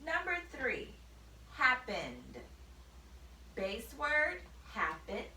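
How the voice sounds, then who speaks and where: A woman teaching a spelling lesson, spelling words out letter by letter in a slow, deliberate way. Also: a little high, huge pitch swings, bright, forceful tone, slight background noise. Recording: echoey room, mic at a distance.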